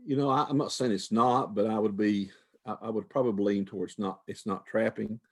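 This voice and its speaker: A man's voice: on the low side, fairly even intonation, brisk. An older man, a retired wildlife manager, answering questions in a folksy, conversational way with frequent restarts. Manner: folksy, repeats words, restarts phrases.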